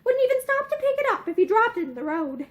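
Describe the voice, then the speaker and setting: A woman reading aloud and voicing a brisk, frank young woman who speaks dryly, promptly and bluntly. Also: very high voice, big pitch swings, voice pushed up.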